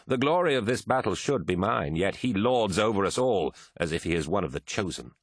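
A man voicing an ambitious, scheming male warrior who speaks in a smooth, persuasive way, in an audiobook reading. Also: fairly low pitch, lively intonation, brisk, no echo, studio quality. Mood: bitter ambitious.

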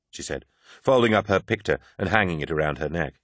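Male narrator, very deep voice, steady measured reading, dry close recording. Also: no echo. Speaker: audiobook narrator. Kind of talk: scripted narration.

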